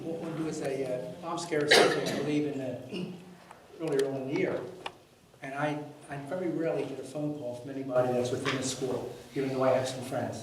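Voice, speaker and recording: A man's voice: mid-range voice, steady tone, brisk, heavy background noise. Blunt, fed-up man in an echoey hall. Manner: blunt and exasperated, swears, acts out dialogue. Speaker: resident giving public comment. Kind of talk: blunt spoken anecdote at a public meeting. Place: large meeting room. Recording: echoey meeting room from far off.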